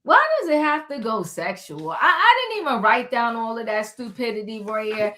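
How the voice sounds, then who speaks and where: A woman co-hosting a reality show recap, chatting casually and acting out the cast's quotes in a slangy, animated way. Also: on the high side, normal speed. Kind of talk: casual chat.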